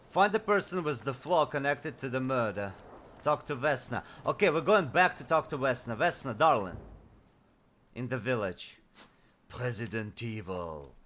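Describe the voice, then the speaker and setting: A man's voice: medium pitch, sing-song, a little slow, long pauses, fairly bright tone, a little hiss or hum. A man who speaks natively, giving enthusiastic casual let's-play commentary and reading game texts aloud. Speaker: gaming streamer.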